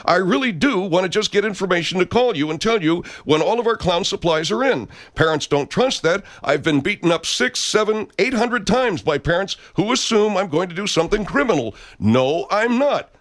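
A man's voice: lively intonation, moderate pace, hardly any pauses, fairly bright tone. A man voicing a pushy male clown-shop owner in a comedy radio ad, rambling and defensive. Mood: pitchy. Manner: rambling, defensive sales pitch.

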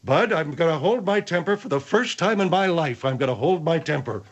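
A man's voice: a little high, expressive, a little fast, highs cut off. A man playing a short-tempered, blustering man called the General. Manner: blustery, insists on handling things.

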